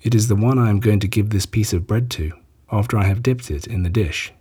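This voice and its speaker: A man reading a calm, solemn Jesus. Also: lowish voice, slightly rough. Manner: measured, solemn.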